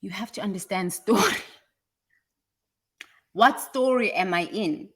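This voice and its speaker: A South African woman with a British-tinged accent giving a passionate motivational talk, swinging from quiet asides to loud, emphatic repeated lines. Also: medium pitch, a little slow, slightly rough. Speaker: speaker on personal growth.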